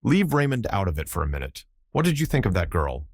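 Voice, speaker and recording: Audiobook role: narrator playing a meticulous older detective, precise and probing, deep voice, dry close read. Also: male voice, very animated, fast talker, dry recording. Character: fussy, methodical older male detective.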